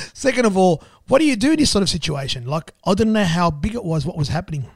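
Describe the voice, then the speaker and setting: Animated Australian man telling a story. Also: high-pitched, fairly quick, dry recording, clean studio sound. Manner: animated, repetitive, acts out dialogue. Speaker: business owner and club sponsor. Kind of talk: storytelling in conversation.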